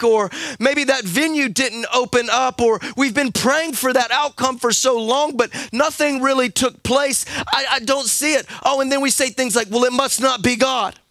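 High, bright-voiced preaching man. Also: dry recording. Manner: emphatic preaching with repeated words, building to shouts. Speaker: pastor. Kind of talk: sermon. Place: church service.

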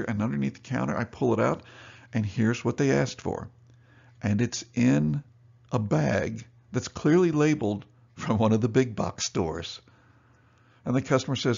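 Gravelly guy telling store stories at a seminar, dull lo-fi sound. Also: mid-range voice, darkish tone. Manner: storytelling, acts out both sides of dialogue. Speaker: seminar speaker, store owner. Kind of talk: seminar talk with anecdotes.

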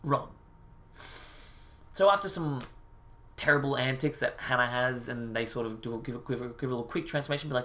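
A man's voice: medium pitch, brisk, pauses often, pushed and bright. Brief: a profane, frustrated male commentator who rants about a video. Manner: profane, exasperated ranting. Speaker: reaction video host. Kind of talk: ranting commentary.

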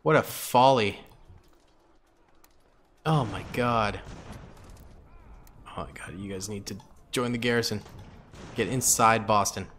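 A man's voice: fairly low pitch, slow, pauses often, a bit bright, slight background noise. A young man giving casual gameplay commentary, chatting to himself and pleading with his units. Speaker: gaming YouTuber.

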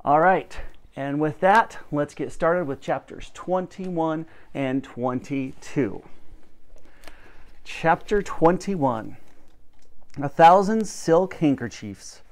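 Animated man reading a storybook aloud. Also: slow pace. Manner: expressive, animated, lowers voice for narration. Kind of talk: children's book read-aloud.

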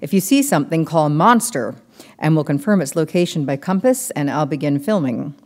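A woman's voice: deep voice, lively intonation, normal speed, darkish tone. A woman reading aloud, voicing a pushy male monster hunter who gives urgent orders. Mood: commanding.

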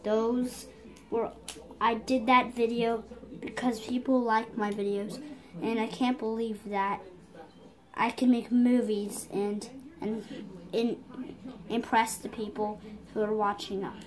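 A child casually narrating a home-made brick film, excitable, humming dramatic sound effects and rambling with restarts. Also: medium pitch, slow pace, pauses often. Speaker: young brick-film maker.

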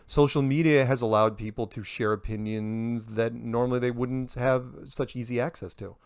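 A man giving casual, animated interview answers, full of rhetorical questions and quips. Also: mid-range voice, moderate pace, clear, resonant tone, no room sound, studio quality. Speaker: interview guest.

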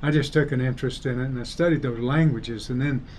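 An older man from Alabama, an engineering professor, speaking in a relaxed, thoughtful way with a softened Southern US accent in a casual interview. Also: medium pitch, fast talker, a little hiss or hum. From Alabama, United States.

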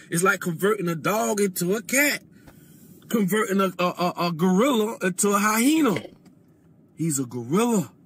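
A man speaking as a guest on a casual podcast, lecturing in a deliberate way and often dropping his voice low. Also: a bit bright, slightly rough.

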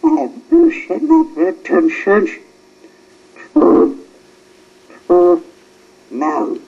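A man voicing a small, excitable male tugboat in a storybook reading, with a squeaky, indignant manner. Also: drawn-out words, breathy edge, heavily acted. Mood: flustered. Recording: muffled lo-fi recording with faint hiss.

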